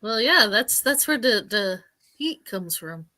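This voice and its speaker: A woman in a casual chat, telling an animated story and laughing. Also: on the high side, unhurried, no room sound.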